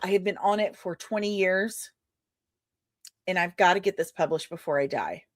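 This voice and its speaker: A woman's voice: on the low side, normal speed, dry recording, studio quality. A woman hosting a podcast in casual chat, rambling and self-deprecating with many fillers. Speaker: podcast host and comic creator.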